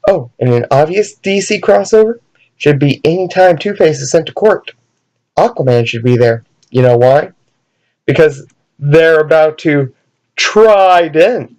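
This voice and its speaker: A man's voice: fairly high pitch, darkish tone, low-quality recording. A man hosting a comedic commentary vlog, jokey and self-mocking, fond of puns. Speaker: video host.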